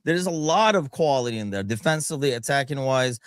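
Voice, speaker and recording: A man co-hosting a casual football chat, expressive, laughing and swearing casually. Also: medium pitch, quick pace, no echo, clean studio sound. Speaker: podcast co-host.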